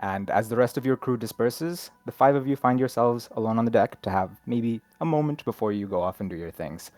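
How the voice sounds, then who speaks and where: A man's voice: mid-range voice, brisk, a little mellow, no room sound, faint music behind. A man narrating as game master of a tabletop horror game, in a descriptive style. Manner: descriptive, laughs easily.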